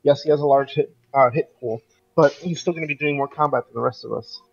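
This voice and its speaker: A man's voice: mid-range voice, fast talker, vocal fry, muffled recording. A man in a casual tabletop game session, earnestly laying out his reasoning to the group over an online call. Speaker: tabletop player. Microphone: home mic over online voice call.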